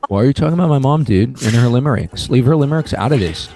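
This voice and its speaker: A man's voice: mid-range voice, expressive, very fast, darkish tone, soft background music. A man co-hosting a group game stream, goofy and joking in casual banter.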